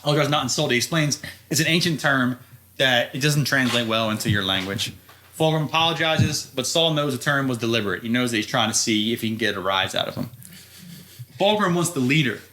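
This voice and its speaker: A man's voice: medium pitch, expressive, a little fast, bright, forceful tone, slight background noise. A man co-hosting a podcast, recapping a story in loose, profane chat with frequent laughs. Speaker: podcast co-host.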